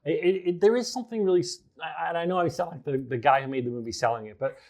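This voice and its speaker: A man's voice: on the high side, fast talker, a little mellow. A man in his forties with a New Jersey accent, talking as a film director guest in a casual interview, often restarting and repeating words. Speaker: filmmaker guest.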